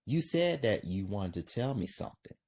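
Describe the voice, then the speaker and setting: A man voicing a calm, ruthless young male gangster who speaks low and quiet. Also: moderate pace. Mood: tender.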